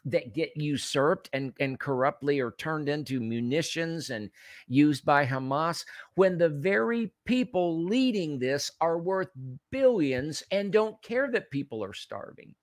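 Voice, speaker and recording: A man's voice: a little high, lively intonation, takes it slowly, no echo. A man hosting a political commentary show, speaking in a heated, emphatic way and repeating phrases for effect.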